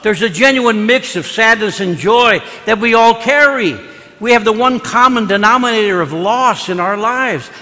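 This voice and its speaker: A man's voice: sits high, sharp tone. A man in his seventies from Kansas City, a priest telling folksy stories in a conversational sermon, often saying "you know". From Kansas City, USA. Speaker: priest giving a parish mission. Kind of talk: storytelling sermon. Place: large church. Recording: reverberant church hall.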